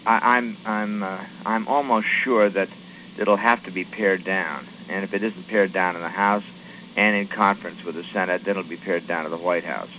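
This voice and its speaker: A man, a congressman, answering questions from radio reporters in a halting way, with many fillers and restarts. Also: deep voice, sharp tone, a little hiss or hum, poor audio. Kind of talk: radio call-in interview.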